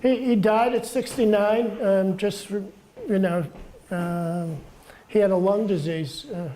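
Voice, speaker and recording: Soft-spoken man in his seventies. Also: high voice, fairly even intonation, a little hiss or hum. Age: 70s. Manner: halting, repeats words, chuckles through stories. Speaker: guest author. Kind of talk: casual storytelling talk.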